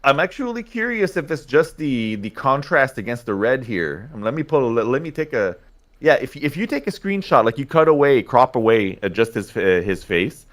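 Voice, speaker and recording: A man's voice: mid-range voice, sing-song, moderate pace. A man co-hosting a casual livestream, explaining things in an opinionated way and often checking in with "right?". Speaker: livestream co-host.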